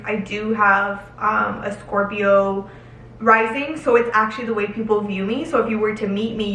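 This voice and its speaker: A woman's voice: mid-range voice, sharp tone, a little hiss or hum. A young woman answering viewer questions to camera in a casual, emotional and candid chat, drawing out words for emphasis. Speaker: lifestyle vlogger. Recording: roomy echo, slightly distant from mic.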